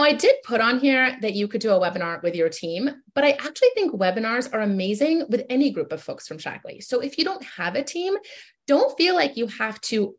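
A woman giving an upbeat online sales training, coaching listeners directly and checking in with them often. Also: fairly high pitch.

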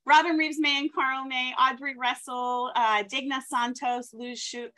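An upbeat woman hosts a team recognition call with a high voice. She hurries through list after list of names with quick thanks and apologies for rushing. She sounds a little out of breath. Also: flat delivery, pushed and bright. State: running out of breath. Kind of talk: reading out names in a recognition segment.

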